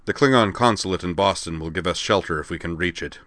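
Big warrior-scholar alien, amiable and formal, deep, read by a man. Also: fast, fairly bright tone, no room sound, clean studio sound. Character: huge hulking alien professor, courteous warrior.

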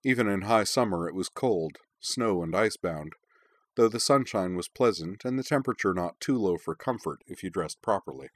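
Male audiobook narrator, very low, calm and even, dry read. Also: moderate pace, no room sound.

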